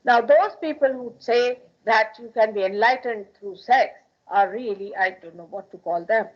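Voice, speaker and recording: A woman's voice: fairly high pitch, moderate pace. Indian woman giving an emphatic spiritual talk. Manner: emphatic, moralizing, repeats phrases for stress. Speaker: spiritual teacher. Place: public hall. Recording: dull lo-fi archival 1981 recording.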